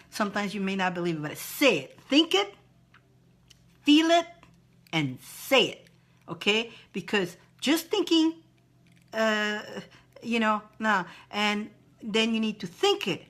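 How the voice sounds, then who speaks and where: A woman hosts a live-stream spiritual advice chat, encouraging viewers, repeating phrases and reading their comments aloud. Her mid-range voice is expressive, unhurried and a bit bright.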